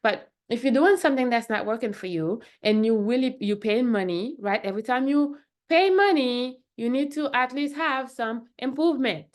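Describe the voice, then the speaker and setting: A woman's voice: a little high, animated, moderate pace. A woman who is a functional medicine doctor, talking casually to the camera in a chatty way and often checking in with "right?" and "okay?".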